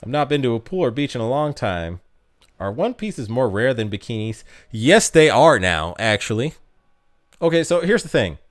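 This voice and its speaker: A man's voice: mid-range voice, big pitch swings, normal speed, faint music behind. Chatty self-mocking male streamer. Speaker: game streamer reading chat. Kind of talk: casual live-stream chat.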